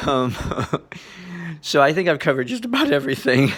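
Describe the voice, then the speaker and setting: A man giving a relaxed spoken lecture on meditation, chuckling often in a loose, playful way. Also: a little high, slow pace, long pauses, breathy edge. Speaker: meditation teacher.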